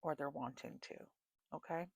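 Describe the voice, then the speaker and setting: North american lady reading tarot, low gravelly voice, thinks out loud, keeps saying okay, dry close sound. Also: normal speed, dry recording. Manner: musing, thinking aloud, often asking "okay?". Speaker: tarot reader. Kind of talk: casual spiritual reading with spirit box.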